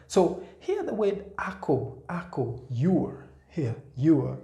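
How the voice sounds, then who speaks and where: Male tutor, slow and patient, mellow tone, reverberant room. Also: on the high side, sing-song, creaky. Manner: repeats words patiently, pointing at a board. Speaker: language teacher. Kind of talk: slow spoken language lesson. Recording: echoey room.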